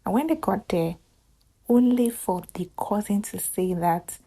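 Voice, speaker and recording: A woman's voice: mid-range voice, animated, measured pace, vocal fry, warm tone, breathy edge. A woman casually recapping a romantic movie for her viewers, chatty and gushing, breaking into sudden squealed exclamations.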